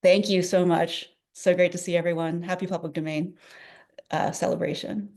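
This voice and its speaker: A woman's voice: on the low side, moderate pace, gravelly. Enthusiastic woman giving a talk. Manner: animated, enthusiastic, with frequent fillers. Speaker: presenter at a public domain celebration. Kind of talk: presentation talk.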